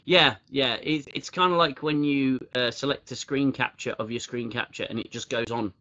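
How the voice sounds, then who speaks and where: A man's voice: medium pitch, fairly even intonation, moderate pace, sharp tone, highs cut off. A British man hosting a casual livestream chat, mocking what he reads aloud and laughing often. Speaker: host.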